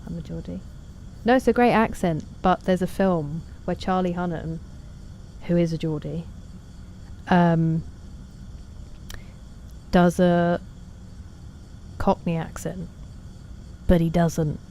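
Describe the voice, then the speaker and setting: Woman streamer, low mellow voice, chatty and self-deprecating, answers chat. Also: steady tone, takes it slowly, pauses often, slight background noise. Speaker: game streamer. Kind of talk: casual chat while playing.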